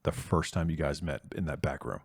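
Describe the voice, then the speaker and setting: A young man running a tabletop game as game master, telling the scene in a casual, animated way. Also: a bass voice, a little fast, creaky, slightly rough, no echo, studio quality. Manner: animated, casual storytelling with fillers.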